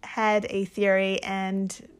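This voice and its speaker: A woman's voice: mid-range voice, monotone, slow pace, clear, resonant tone. A woman co-hosting a podcast, telling a story in casual chat, laughing often and swearing freely. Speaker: podcast co-host.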